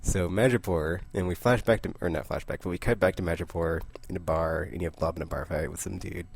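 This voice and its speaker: Young guy, deep gravelly voice, rambling casual comic review, does little character voices. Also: steady tone. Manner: rambling, chatty, quick asides and little laughs. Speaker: comic book vlogger.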